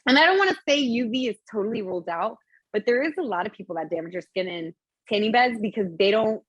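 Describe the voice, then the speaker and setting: A woman's voice: on the high side, lively intonation, fast, slightly rough, no room sound, dull audio. A young woman co-hosting a casual podcast chat, laughing often and swearing casually as she tells stories. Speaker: podcast co-host.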